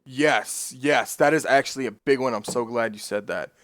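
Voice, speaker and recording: A man chatting casually on his stream, rambling and swearing freely, getting excitable as he tells stories. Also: medium pitch, normal speed, no echo, studio quality.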